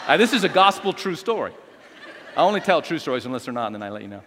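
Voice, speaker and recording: A man preaching a sermon as a pastor, telling stories with lively, acted-out quotes. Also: fairly high pitch, quick pace, slight background noise. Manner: animated storytelling with acted quotes. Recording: long hall reverb.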